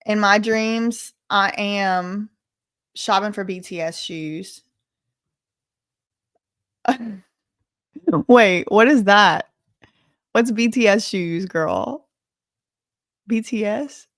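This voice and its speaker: A woman's voice: mid-range voice, very slow, pauses often. A woman hosting a casual livestream, chatting, joking and thanking donors. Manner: chatty, animated, joking asides. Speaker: livestream host. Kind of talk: casual livestream chat reading donations.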